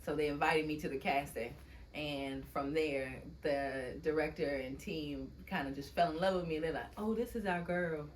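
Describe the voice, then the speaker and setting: Woman w aave telling stories in an interview, laughs a lot, kinda low voice, faint hiss. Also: steady tone, normal speed. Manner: chatty storyteller, laughs often, acts out quotes. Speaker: poet and guest. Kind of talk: casual interview chat.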